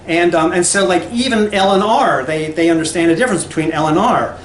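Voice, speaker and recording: High-voiced man lecturing in an echoey room. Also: a little fast, slight background noise. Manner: rambling, conversational, many fillers and restarts. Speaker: language lecturer. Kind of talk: casual spoken lecture with anecdotes.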